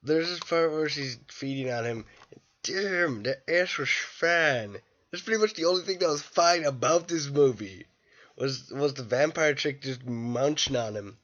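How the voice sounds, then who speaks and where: A tired young man rambling through a casual, irreverent movie review late at night, breaking into loud bursts when quoting scenes. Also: fairly high pitch, unhurried. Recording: dull lo-fi home recording.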